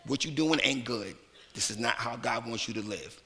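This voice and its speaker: Male minister, lively conversational sermon, crisp bright tone, long church reverb. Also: medium pitch, normal speed, a little hiss or hum. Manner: conversational, colloquial preaching with playful put-on voices. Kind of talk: lively sermon with acted asides. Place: church sanctuary.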